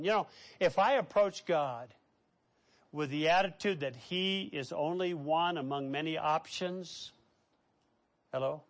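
High-voiced emphatic male preacher. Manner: swings from loud preaching to soft asides; emphatic word lists, direct questions to the congregation. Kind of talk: sermon.

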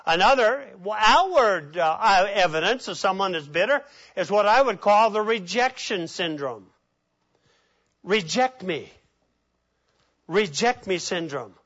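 Casting: high-pitched male pastor, animated sermon delivery, muffled lo-fi recording. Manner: animated preaching, acts out quoted voices.

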